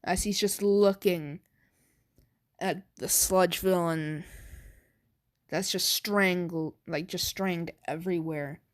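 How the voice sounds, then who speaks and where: A woman's voice: fairly low pitch, fairly even intonation, slow pace, long pauses. A woman improvising a fan story aloud, hesitant and stammering with many fillers.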